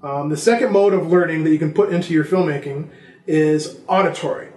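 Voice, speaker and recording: A man's voice: a little high, fairly quick, a little mellow, roomy sound. A man giving a casual vlog lesson on filmmaking, talking conversationally and listing examples. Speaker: filmmaking instructor.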